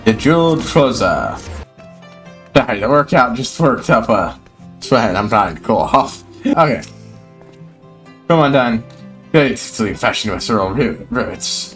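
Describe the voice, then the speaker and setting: A man's voice: mid-range voice, big pitch swings, a little slow, long pauses, fairly bright tone, faint music behind. A man streaming a video game, chatting casually, swearing freely and reading quest text aloud. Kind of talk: casual gameplay commentary.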